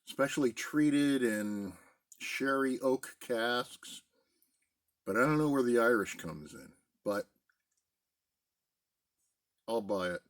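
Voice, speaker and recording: A middle-aged man chatting casually in a relaxed, rambling way from a basement den at home. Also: mid-range voice, slow, pauses often. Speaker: pipe-smoking video host. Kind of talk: casual pipe-smoking chat.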